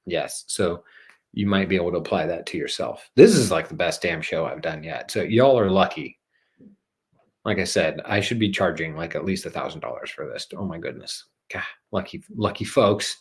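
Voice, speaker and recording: A man with a somewhat low voice talks casually as the host of a spiritual show. His delivery is loose and playful, wandering between jokes, silly rhymes and the odd swear word. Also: expressive, normal speed. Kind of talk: casual rambling livestream monologue.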